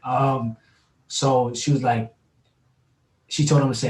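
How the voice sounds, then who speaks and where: A man from New co-hosting a casual podcast chat, telling stories in an animated, slangy way. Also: mid-range voice, takes it slowly, heavy background noise. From New York. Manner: animated, slangy storytelling with laughs. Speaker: podcast co-host. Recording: roomy, distant mic, faint ambience.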